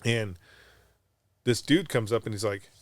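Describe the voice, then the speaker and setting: A middle-aged Marine veteran from Southern California hosting a podcast, telling a story casually, blunt and profane, with frequent restarts. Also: male voice, lowish voice, a little slow, no echo. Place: podcast studio.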